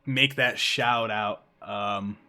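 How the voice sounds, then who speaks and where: A man narrating as game master of a tabletop game, casual and halting, with many fillers. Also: on the low side, fairly even intonation, bright, forceful tone.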